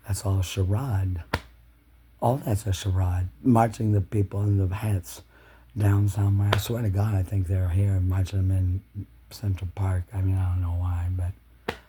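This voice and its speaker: A man delivering an angry, swearing monologue to camera, ranting with loud shouted bursts. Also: lowish voice, a little hiss or hum. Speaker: video blogger.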